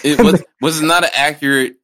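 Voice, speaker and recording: A podcast co-host with a fairly high, slightly bright voice speaks briskly in casual chat. He rants and jokes, swearing a lot along the way.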